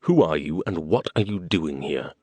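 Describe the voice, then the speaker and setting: A man's voice: extremely low pitch, animated, moderate pace, warm tone, dry recording. A man narrating an audiobook and voicing an old male butler, formal and deferential, addressing his master as sir. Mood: stern. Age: older.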